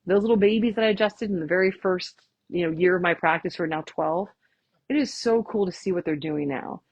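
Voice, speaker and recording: A woman chiropractor, giving a lively, chatty workshop talk and often asking "right?". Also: fairly low pitch, fairly quick, no echo, muffled recording. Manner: chatty, tags lines with "right?", acts out quotes. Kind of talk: casual, enthusiastic presentation.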